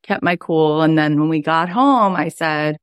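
Low-voiced woman telling a heartfelt story. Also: unhurried, clear, resonant tone, no echo. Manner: chatty and heartfelt, many "like" fillers. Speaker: life coach and podcast host. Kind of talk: casual personal storytelling.

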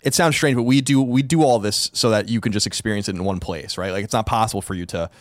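A man co-hosting a podcast who talks in a measured, earnest way, stepping in to clarify points. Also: fairly low pitch, no echo. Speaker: podcast co-host. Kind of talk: casual podcast chat.

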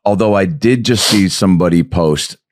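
A man hosting a casual interview podcast, joking, swearing and throwing in quick reactions. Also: sits low, over music. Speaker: podcast host.

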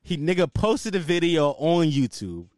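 A man's voice: a little high, big pitch swings, normal speed, no room sound, studio quality. A man hosting his own podcast, ranting in a loose, slangy, casual way. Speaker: podcast host. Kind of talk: casual solo podcast rant.

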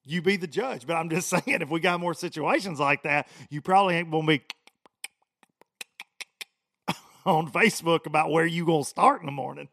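A man's voice: on the high side, normal speed, gravelly, long pauses, fairly bright tone. A middle-aged man from the States, hosting a podcast in a rambling, joking rant and laughing often. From Southern United States. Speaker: podcast host.

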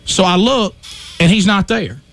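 A man hosting a talk radio show, telling an animated story and acting out his own shouts. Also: high voice, measured pace, faint music behind.

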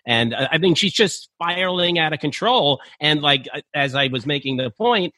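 Bright, lively-voiced man giving opinions. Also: a little high, normal speed, no echo. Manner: emphatic, opinionated. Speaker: podcast guest. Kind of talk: casual chat.

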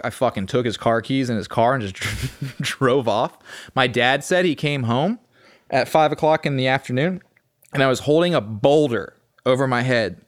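A man's voice: medium pitch, dry recording, studio quality. Man telling stories, casual and profane. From Texas. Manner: profane, streetwise, lively recounting. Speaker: podcast guest. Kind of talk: casual storytelling.

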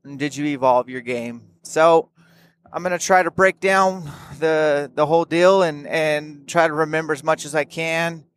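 A man's voice: a little high, fairly even intonation, normal speed, a bit bright, clear, resonant tone. A young man, a hunting vlogger, tells about his trip in frank, plain-spoken, laid-back casual storytelling.

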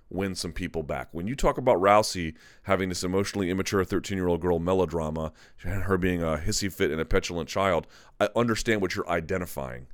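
A man's voice: sits low, no echo, clean studio sound. A man hosting a live chat, talking candidly in a rambling, self-correcting way. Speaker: MMA live chat host. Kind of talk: casual live-stream commentary.

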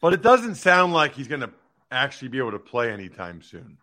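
Bright-voiced opinionated sports host man. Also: mid-range voice, brisk. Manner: emphatic, animated, teasing. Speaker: sports talk show host.

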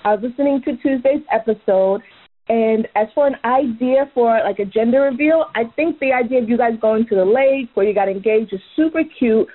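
A woman's voice: fairly high pitch, brisk, husky. A woman from Maryland leaving a bubbly, enthusiastic voicemail for a podcast. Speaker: caller. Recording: phone line.

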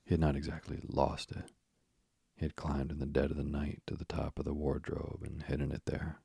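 Male audiobook narrator, dark husky tone, dry close sound. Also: very deep voice, monotone, a little fast, no echo. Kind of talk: audiobook narration of a classic children's story.

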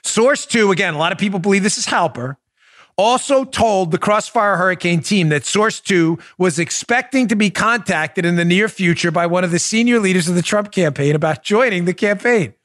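A man's voice: high voice, expressive, normal speed, a bit bright. A man in his forties hosting a political commentary podcast, bursting into incredulous exclamations and frequent laughter. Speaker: podcast host.

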